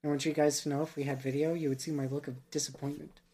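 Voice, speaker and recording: A man's voice: fairly high pitch, little pitch movement, quick pace, dark tone. A man co-hosting a casual podcast chat with a dry, teasing, blunt way of talking. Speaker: podcast co-host.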